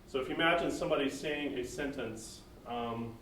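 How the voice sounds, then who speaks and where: A man's voice: medium pitch, moderate pace, a bit bright, slight background noise. An American man giving a casual technical talk at a meetup, conversational and full of ums and asides, recorded from a distant microphone. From United States. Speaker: presenter at a tech meetup. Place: meeting room, live-streamed. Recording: roomy and distant with faint room ambience.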